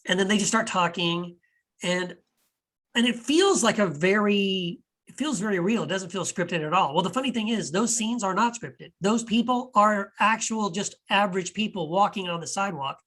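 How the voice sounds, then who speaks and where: A man's voice: high-pitched, moderate pace, a bit bright. An enthusiastic man hosting a casual podcast chat about films. He rambles, restarts his sentences and voices puzzled rhetorical questions with plenty of animation. His talk is loose and unscripted. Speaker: podcast host and author.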